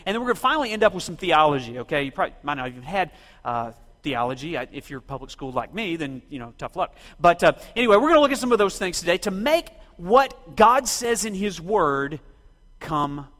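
High-voiced, lively preacher in a reverberant church. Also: male voice. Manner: rhetorical, quizzes and directs the congregation. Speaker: pastor. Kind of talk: sermon. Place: church sanctuary. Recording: long reverb of a church hall.

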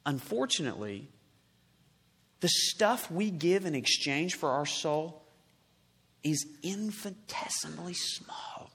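A man preaching a sermon as pastor, swelling to loud emphatic peaks and dropping to hushed, slow endings. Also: fairly high pitch, animated, slightly rough. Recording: long reverb in a large hall.

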